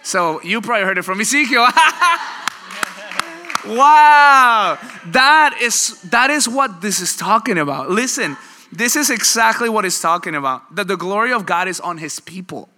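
A man preaching a sermon in a conversational, animated way, often trading lines with his congregation. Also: sits high, fairly quick. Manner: conversational, animated preaching with audience back-and-forth. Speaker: pastor. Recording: long hall reverb.

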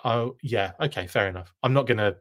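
A man's voice: lowish voice, fairly quick. A man hosting a live stream, reading chat comments aloud in a casual, self-deprecating way with frequent laughs.

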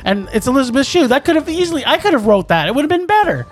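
A young adult co-host in a casual movie review chat, talking in an animated, ranting way with quick restarts. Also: sits high. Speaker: podcast co-host.

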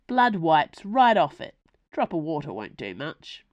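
A woman's voice: low-pitched, big pitch swings, a little slow, no echo, highs cut off. A woman voicing a cheerful, chatty male cab driver who talks bluntly in a storybook reading.

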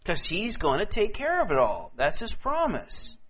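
A man preaching a casual, conversational sermon, often repeating words as he goes and reading scripture slowly and deliberately. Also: high-pitched, huge pitch swings, a bit bright, breathy edge.

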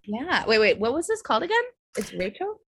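A woman's voice: fairly high pitch, sing-song, a little fast. A woman from the Bay Area with a Californian accent, a podcast guest who talks casually and effusively with many fillers, sounding a little tipsy. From San Francisco Bay Area. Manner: bubbly, filler-heavy, effusive.

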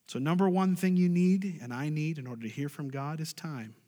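High-voiced preaching man in a hall. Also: brisk, mellow. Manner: emphatic preaching, asks the congregation for responses. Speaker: pastor. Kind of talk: sermon.

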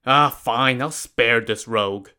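A man voicing a fearless, hot-tempered male bandit hero who shouts and swears gruffly. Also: mid-range voice, expressive, unhurried. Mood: brooding.

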